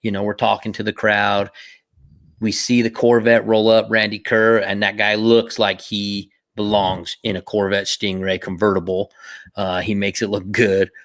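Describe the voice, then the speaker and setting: A man's voice: on the low side, moderate pace. A middle-aged man co-hosting a podcast, telling a story in casual chat. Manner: storytelling, animated retelling. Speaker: podcast co-host.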